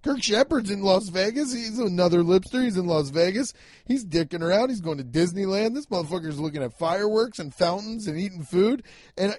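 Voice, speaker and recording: Man, podcast host, rambling comedic monologue, fairly high voice, dry close sound. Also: lively intonation, brisk, dry recording. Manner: rambling, profane, jumps into loud emphatic bursts.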